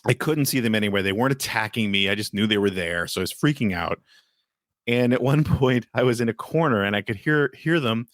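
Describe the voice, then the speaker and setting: A man's voice: lowish voice, fairly quick, a bit bright, no echo, studio quality. A man co-hosting a podcast in casual chat, rambling with many restarts and fillers. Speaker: podcast co-host.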